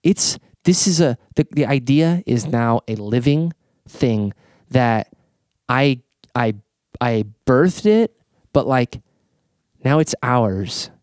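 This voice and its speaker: A man hosting a casual podcast conversation, telling an animated story, swearing freely and stumbling over repeated words as he talks. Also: mid-range voice, slow pace, long pauses, no echo, studio quality. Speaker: podcast host.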